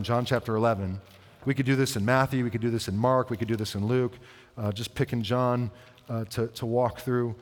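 A man preaching a sermon, reading scripture and explaining it in a conversational way, asking the listeners questions and slowing down for the verses. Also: medium pitch. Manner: conversational, asks the congregation questions. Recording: long hall reverb.

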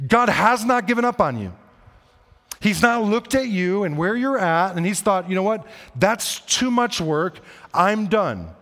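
Man, pastor, sermon, earnest, conversational, repeats for emphasis, slightly high voice. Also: fairly bright tone, long reverb tail. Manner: earnest, repetitive, conversational preaching.

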